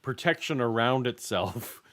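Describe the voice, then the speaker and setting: A man hosting a casual podcast, talking in halting phrases and searching for words. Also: medium pitch, animated, fairly bright tone. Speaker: podcast host. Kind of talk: casual chat.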